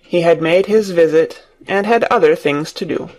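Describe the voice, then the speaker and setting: A man reading an audiobook story aloud for English learners, in a slow, clear narrating manner. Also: fairly high pitch, a little mellow.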